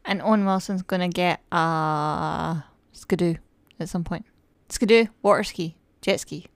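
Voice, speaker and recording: A woman's voice: lowish voice, a little slow, a little hiss or hum. A woman co-hosting a casual review chat, eager and opinionated. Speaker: podcast co-host.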